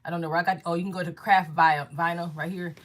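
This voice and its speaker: A woman with a low, deep speaking voice runs a casual crafting tutorial from her home workspace. She talks fast and keeps checking in with the viewer as she goes. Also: steady tone. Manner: fast-talking, checks in with "okay?" often. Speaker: crafting instructor. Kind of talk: casual screen-share tutorial.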